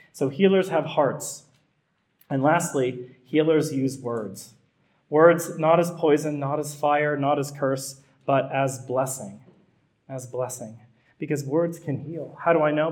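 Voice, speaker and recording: A middle-aged pastor preaches in a conversational style that builds to emphatic repetition. His voice sits at medium pitch with a slightly mellow quality.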